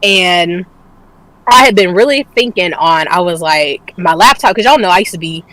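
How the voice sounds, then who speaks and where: A woman's voice: lowish voice, expressive, normal speed, pushed and bright, no room sound, rough recording. A woman co-hosting a casual streamed talk show, telling a personal story candidly, swearing freely and laughing often. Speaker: podcast co-host. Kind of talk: casual chat.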